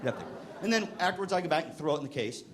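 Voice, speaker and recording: Animated middle-aged man telling stories on stage. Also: fairly high pitch, rapid-fire, background noise. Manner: animated, acts out the voices in his stories. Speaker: keynote speaker to band directors. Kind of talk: storytelling speech to a live audience. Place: convention hall.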